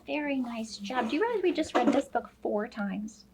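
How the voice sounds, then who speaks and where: A woman teacher working one-on-one with a young child, speaking slowly, simply and encouragingly as she explains a reading activity. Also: fairly high pitch, animated, noisy background. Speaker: elementary school teacher.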